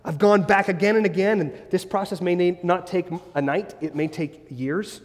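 A man's voice: high-pitched, normal speed. A man preaching a sermon as the church's pastor, earnest and building his points through strings of rhetorical questions. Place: church sanctuary. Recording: long reverb of a church hall.

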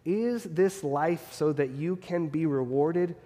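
A man's voice: a little high, slow pace, warm tone, long reverb tail. A man preaching a sermon as pastor, earnest and fond of repeated rhetorical questions.

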